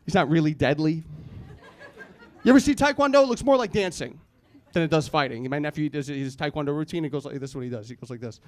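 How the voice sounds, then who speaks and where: A man's voice: a little high, animated, fast. A man in his thirties doing a rambling stand-up comedy set, self-deprecating and acting out the people he quotes. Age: 30s. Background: audience laughter.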